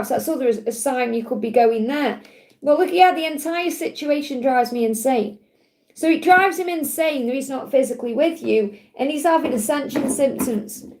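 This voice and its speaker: A woman's voice: sits high, darkish tone. A woman hosting a live card-reading stream, talking in a reassuring, affectionate way and checking in with "okay?" and "honey". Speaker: tarot reader hosting a livestream.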